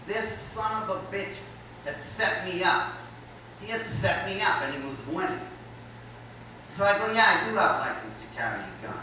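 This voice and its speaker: A man doing stand-up comedy, telling a story with wry deadpan delivery and chuckling at his own lines. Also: sits high, normal speed. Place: live comedy show at a college venue. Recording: echoey hall, mic from far off, noisy.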